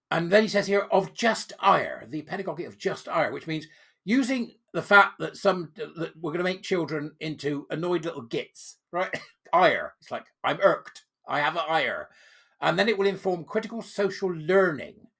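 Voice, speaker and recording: A man's voice: a little high, animated, normal speed, vocal fry, a bit bright, husky. A man hosting his own channel, reading a text aloud and commenting on it in a sarcastic, mocking way. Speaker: channel host.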